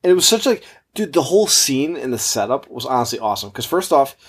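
A man's voice: medium pitch, quick pace, husky. A young man co-hosting a podcast, retelling scenes with energy and acting out the characters' lines. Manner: animated storytelling, acts out characters' lines. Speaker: podcast co-host. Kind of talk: casual chat.

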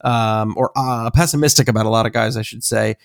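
A man's voice: mid-range voice, fairly even intonation, a little fast, vocal fry, no room sound, clean studio sound. Hesitant man chatting on a podcast. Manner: hesitant, many fillers, laughs easily. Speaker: podcast co-host. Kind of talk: casual sports podcast chat.

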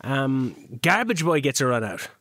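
A man co-hosting a casual podcast, recapping a game season with jokes and lively storytelling. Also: medium pitch, normal speed, no echo, clean studio sound. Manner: jokey, animated recapping of game moments. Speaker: podcast co-host. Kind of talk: casual chat.

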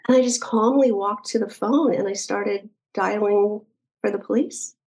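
A woman's voice: medium pitch, normal speed, creaky, darkish tone, low-quality recording. A middle-aged woman, a podcast guest, earnestly retelling a personal story in detail with frequent restarts.

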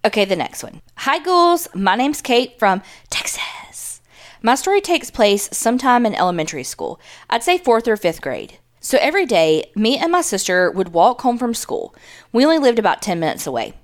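A woman's voice: medium pitch, very animated, a little fast. A woman podcast co-host joking around and reading a listener email aloud. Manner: joking, self-deprecating banter.

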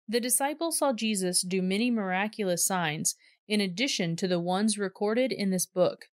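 A woman reading a Bible passage aloud in a clear, measured storytelling voice. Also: mid-range voice, dry recording, studio quality. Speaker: scripture reader.

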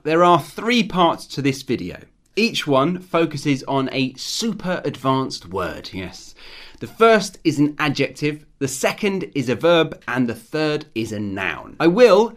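A man hosting an English vocabulary lesson, explaining words clearly with examples in a friendly, teacherly way. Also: on the high side.

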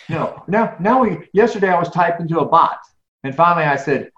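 A middle-aged business speaker, interviewed casually as a guest, talks at a moderate pace in a fairly high voice. His answers are earnest and meandering, with repeated words and animated outbursts when he's annoyed, and the sound is lo-fi, roomy and slightly dull, like an open space.

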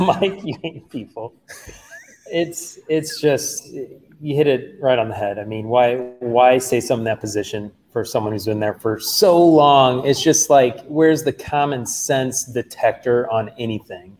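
A man's voice: mid-range voice, unhurried, hardly any pauses, a little mellow, a little hiss or hum, low-quality recording. A man co-hosting a casual sports podcast, joking and teasing the others.

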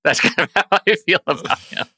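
A man hosting a casual movie podcast, animated and quick to laugh, often restarting his sentences. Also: a little high, breathy edge, no echo, clean studio sound. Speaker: podcast host.

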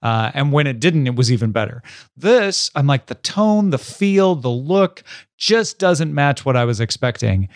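A man's voice: mid-range voice, big pitch swings, unhurried, no echo. Man, podcast co-host, casual banter, dry close sound. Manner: jokey, laughs often. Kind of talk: casual chat.

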